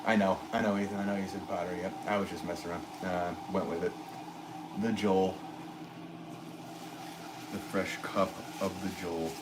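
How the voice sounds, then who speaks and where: A low-voiced, middle-aged American man chats casually on a livestream while he works, reading viewer comments in a relaxed, rambling way. He fills pauses with "um" and soft chuckles. A steady hum of noise sits clearly behind his voice. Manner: relaxed, rambling, chuckles often, many fillers. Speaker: potter hosting a livestream.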